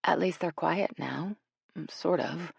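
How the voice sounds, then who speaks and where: Tender young woman, hushed and fond, voiced by a female narrator. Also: low-pitched, slow pace, creaky, husky, no room sound, studio quality, exaggerated voice. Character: soft-spoken affectionate young woman.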